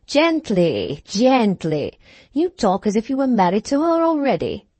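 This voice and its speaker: A woman voicing a dry, ironic older gentleman in a storybook reading, speaking wryly and measuredly. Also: fairly high pitch, big pitch swings, dry recording. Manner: wry and measured.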